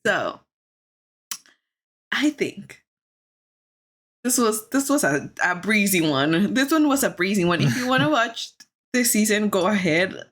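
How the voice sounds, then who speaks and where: A woman's voice: medium pitch, animated, measured pace, long pauses, fairly bright tone. A woman co-hosting a podcast in casual chat, a native Spanish speaker who is blunt, laughs often and swears freely. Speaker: podcast co-host.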